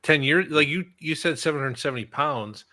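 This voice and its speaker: Man from the US, bright clear tone, inquisitive, casual chat. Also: fairly high pitch, a little fast. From United States.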